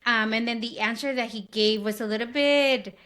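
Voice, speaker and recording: A woman's voice: fairly high pitch, normal speed, a bit bright. Woman host. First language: Spanish. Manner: chatty, many fillers like "like" and "um". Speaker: podcast host. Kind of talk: casual interview chat.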